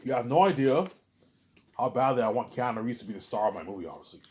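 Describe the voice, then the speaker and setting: Here a man hosts a listening series of his own, rambling excitedly, stumbling on repeated words, and frequently tossing in "you know what I'm saying." His pitch is medium and he speaks fast, delivering a casual, meandering monologue.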